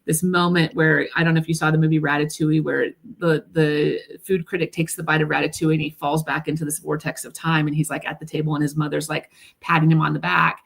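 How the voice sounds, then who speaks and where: A woman's voice: low voice, level tone, fast talker, gravelly, hardly any pauses, breathy edge. A woman guest in a casual interview, talking earnestly with lots of fillers and restarts, speaking from home. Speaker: guest, food nonprofit executive director. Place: at home by her garden.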